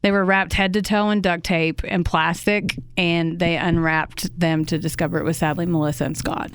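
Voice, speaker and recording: A woman's voice: fairly low pitch, level tone, normal speed, clear, resonant tone, dry recording, clean studio sound. A woman, co-hosting a true crime podcast and recounting a case in a casual, conversational way, with indignant, swearing asides. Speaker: podcast co-host telling a true crime story.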